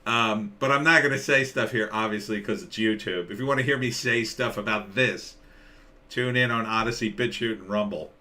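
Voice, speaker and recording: Bright-toned sarcastic male streamer. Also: fairly low pitch, normal speed. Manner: sarcastic, rambling, reads out chat comments. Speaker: live stream host. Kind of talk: casual commentary on a live stream.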